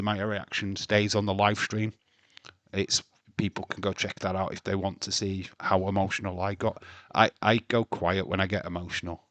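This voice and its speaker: Male streamer, slightly low pitch, dry sound; casual, sweary, ranting host. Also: fairly bright tone, dry recording. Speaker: wrestling livestream host. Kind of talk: casual livestream chat.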